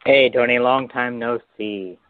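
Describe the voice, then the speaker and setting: A man's voice: medium pitch, fairly even intonation, measured pace, no echo. Hesitant male caller on a phone line. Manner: hesitant then insulting. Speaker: prank caller. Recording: dry tinny phone line.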